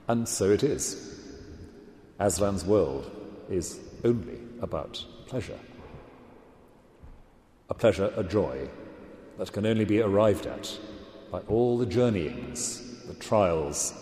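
A man giving a measured, reflective literary lecture and reading passages aloud. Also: sits low, expressive, mellow. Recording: echoey hall with long reverb.

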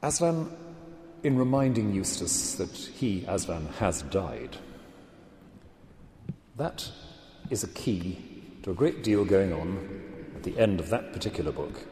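A man giving a measured, reflective literary lecture and reading passages aloud. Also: low voice, sing-song, dark tone, a little hiss or hum. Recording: echoey hall with long reverb.

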